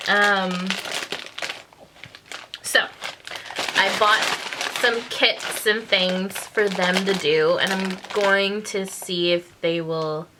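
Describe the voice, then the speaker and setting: A woman's voice: medium pitch, steady tone, extremely slow, pauses often, background noise. A woman, telling stories casually on her vlog, laughing often and acting out the voices in them. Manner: chatty, laughs often, acts out quotes. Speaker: vlogger. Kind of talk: casual confessional storytelling.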